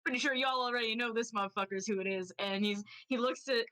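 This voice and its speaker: A woman runs a tabletop game from home, narrating in a loose, rambling way with plenty of laughter. Her voice sits a little high and stays casual. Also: quick pace, bright, forceful tone, poor audio. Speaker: game master.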